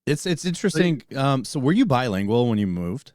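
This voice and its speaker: A man hosting a podcast, talking in an animated way and swearing freely. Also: mid-range voice, a little fast, no room sound. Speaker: podcast host. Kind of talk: casual interview.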